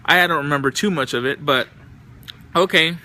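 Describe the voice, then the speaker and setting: Bright, profane young man telling stories. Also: fairly high pitch, normal speed. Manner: loose, profane, exasperated anecdotes. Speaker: vlogger. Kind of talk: casual storytelling.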